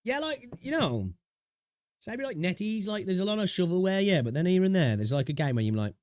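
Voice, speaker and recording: A man's voice: high-pitched, big pitch swings, a little fast, darkish tone, no room sound, clean studio sound. Chatty British man streaming. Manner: rambling, chatty, swears freely, talks to chat. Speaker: gaming livestreamer. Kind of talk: casual livestream chat.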